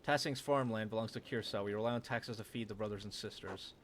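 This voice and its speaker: A man's voice: lowish voice, quick pace, slight background noise, close to an everyday voice. A man reading as a stern abbey priest. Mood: firm. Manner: firm, businesslike. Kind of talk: reading game dialogue aloud.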